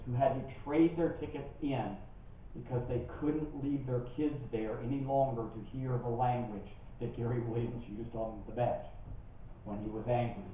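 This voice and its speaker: An older man preaching a sermon as a pastor, telling stories with lively asides to his listeners. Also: on the high side. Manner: animated storytelling with asides to the congregation. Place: church sanctuary. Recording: distant, dull church recording with heavy echo.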